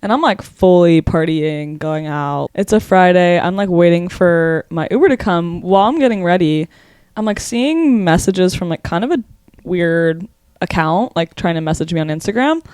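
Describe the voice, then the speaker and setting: A woman's voice: lowish voice, clear, resonant tone, no echo, studio quality. A young woman in her twenties, co-hosting a podcast, telling a wild story in casual chat with lots of "like" and swearing. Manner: fast, animated, swears a lot, says "like" often. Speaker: podcast co-host.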